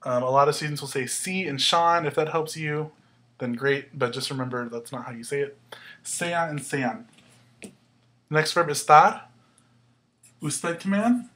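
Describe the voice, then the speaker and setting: A male teacher with a voice on the higher side for a man, walking through a grammar lesson in a relaxed, chatty way. He stops to correct himself and fills pauses with "um", keeping a patient tone. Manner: casual, patient, with frequent fillers and self-corrections. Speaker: Spanish teacher. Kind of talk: whiteboard lesson explanation.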